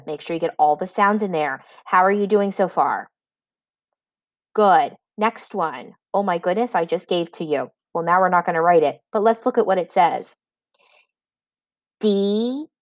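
In this recorded children's spelling lesson, a woman who teaches reading dictates words at a slow, clear pace, adding example sentences. She speaks in a lowish voice; the recording is dry and the audio sounds dull.

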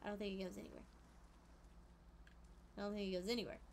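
A young woman streamer chatting casually while she plays a game, animated and giggly, squealing at surprises and murmuring quiet asides. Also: mid-range voice, fast, vocal fry, slight background noise. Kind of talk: casual gameplay commentary.

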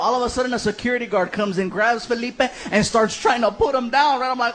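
A man loudly telling a comic anecdote and acting out the people in it. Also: very high-pitched, a little fast, few pauses, a little hiss or hum. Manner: loud, animated, acting out the people in his story. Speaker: storyteller.

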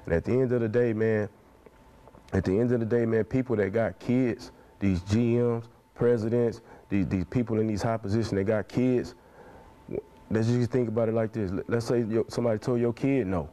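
Twenties guy in an interview, low voice, says man constantly, real passionate. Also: fairly even intonation, normal speed, dark tone. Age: 20s. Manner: passionate, preacher-like cadence, fills every phrase with "man". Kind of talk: earnest interview talk.

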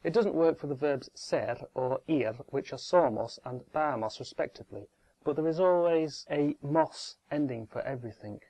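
A man narrating a scripted language tutorial in a measured, explanatory way, spelling out word forms one by one. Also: a little high, dark tone, rough recording.

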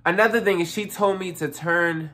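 A young adult vlogger telling a casual storytime, animated and profane, full of fillers and asides to the viewers. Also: medium pitch, normal speed.

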